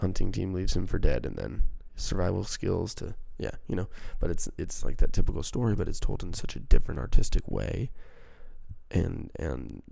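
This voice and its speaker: A man's voice: deep voice, very animated, normal speed, vocal fry, dark tone, no echo. A man hosting a casual solo podcast, rambling in a profane, self-mocking way into a handheld microphone. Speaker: podcast host.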